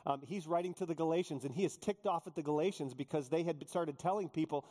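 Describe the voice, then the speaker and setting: A male pastor preaching a sermon, joking with the congregation and acting out quotes in animated storytelling. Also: on the high side, quick pace, hardly any pauses. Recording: long hall reverb.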